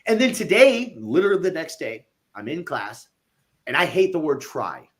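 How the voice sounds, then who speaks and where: A man who owns a gym, telling a coaching story in a casual interview, animated and blunt, with some swearing. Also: a little high, normal speed. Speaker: gym owner and fitness coach.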